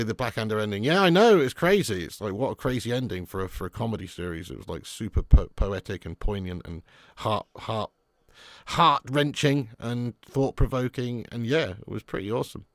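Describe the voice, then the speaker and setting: A man's voice: on the low side, moderate pace, dry recording, clean studio sound. Chatty man hosting a watch-along. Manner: chatty, reads out and answers viewer comments; bursts into loud excitement at match action. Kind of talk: live match watch-along chat.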